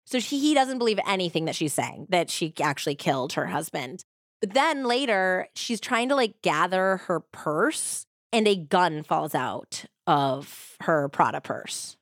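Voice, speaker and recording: Woman podcast host, casual storyteller, slightly low pitch, dry close sound. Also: sing-song, a little slow, no room sound. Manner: chatty, lots of "like" fillers. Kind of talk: casual true-crime storytelling.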